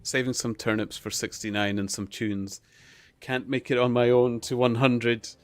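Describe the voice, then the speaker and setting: A man chatting casually with his viewers on a live stream, relaxed and chuckling. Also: medium pitch, normal speed. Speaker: livestreamer.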